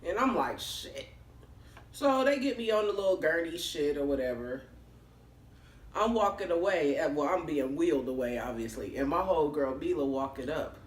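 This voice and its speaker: A woman vlogger tells a story casually, with a lively, swooping pitch and frank, salty language. Her voice bounces around an echoey room at home. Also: normal speed. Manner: animated, expressive, swears freely.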